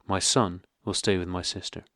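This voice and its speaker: A stiff, cold husband, voiced by a male audiobook reader, squeaky and clipped, pressing each word with cold anger. The voice sits fairly low and the recording is dry and close. The lines land with chilly, deliberate emphasis. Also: little pitch movement, fairly bright tone, dry recording. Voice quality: squeaky, higher than usual. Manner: angry, clipped, coldly emphatic. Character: stiff, cold middle-aged husband, furious. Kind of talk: audiobook character reading.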